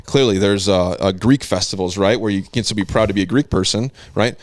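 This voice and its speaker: A man hosting a casual comedy podcast, talking in a deadpan, provocative way. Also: on the low side, brisk, dry recording. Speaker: host.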